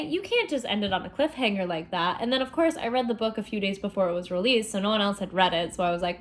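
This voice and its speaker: A young woman in a casual book vlog, chatty and expressive, recapping a novel with frequent fillers. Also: mid-range voice, fairly quick. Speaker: book vlogger.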